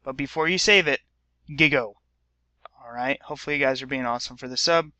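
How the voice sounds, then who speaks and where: A male high school teacher recording a computer lesson for his class while a substitute covers, upbeat and often checking in with "okay?". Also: rapid-fire, bright, forceful tone, dry recording.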